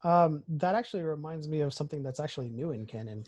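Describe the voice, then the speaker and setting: A man's voice: fairly high pitch, fast, darkish tone. A man co-hosting a podcast in casual chat, rambling and thinking aloud as he talks. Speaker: podcast co-host.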